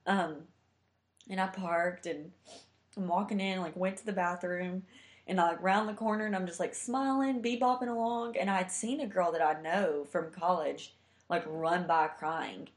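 Low-voiced young woman telling a story. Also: moderate pace, echoey room. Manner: chatty, heartfelt, many fillers. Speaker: guest telling a personal story. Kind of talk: casual storytelling.

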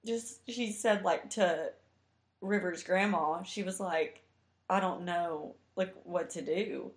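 A woman's voice: fairly low pitch, slow, echoey room. A young woman telling a heartfelt personal story in a chatty way, full of fillers. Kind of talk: casual storytelling.

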